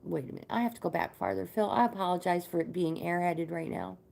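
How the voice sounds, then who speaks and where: A woman's voice: fairly low pitch, vocal fry, darkish tone. Chatty woman reading tarot cards live. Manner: chatty, greets viewers by name between readings; reads card meanings aloud with pauses and fillers. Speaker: tarot card reader and livestream host.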